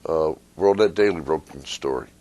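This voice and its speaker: A man, an attorney, giving a conversational talk to a live audience, sometimes acting out a fable with lively voices. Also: rumbling low, moderate pace. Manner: conversational, retells a fable with rising animated voices. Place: meeting room with an audience.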